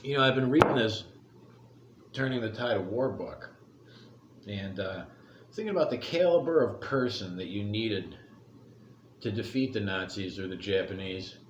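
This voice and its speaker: A man's voice: on the low side, normal speed, pauses often. Middle-aged male vlogger, blunt and profane, rambles through his opinions; echoey room with faint noise behind. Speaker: commentary vlogger. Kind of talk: casual opinion rant.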